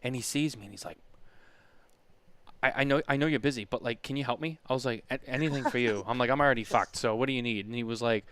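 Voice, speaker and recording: A man co-hosting a relaxed podcast, spinning a rambling story full of restarts and quoted back-and-forth. His voice is smooth and resonant, recorded close and dry with no room sound. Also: medium pitch, fast talker, no echo. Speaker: podcast co-host. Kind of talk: casual chat.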